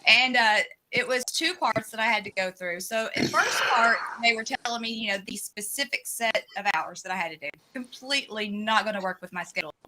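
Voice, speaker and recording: Woman, bright forceful voice, a bit high, chatty storyteller, faint background noise. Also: lively intonation, brisk, hardly any pauses, low-quality recording. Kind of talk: casual chat.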